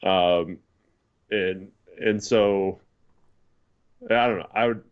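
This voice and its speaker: A man's voice: low-pitched, fairly even intonation, extremely slow, smooth, lo-fi sound. A man co-hosting a casual postgame basketball chat over a video call, rambling with lots of fillers. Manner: rambling, many fillers, laughs often. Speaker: podcast co-host.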